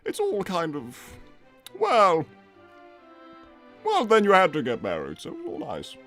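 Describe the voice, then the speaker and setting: A man's voice: huge pitch swings, measured pace, sharp tone, faint music behind, heavily acted. A man voicing a pompous, rambling older male squirrel king in a live improvised character roleplay. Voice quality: gravelly, wildly swooping pitch. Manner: pompous, rambling, easily distracted. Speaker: livestream character performer.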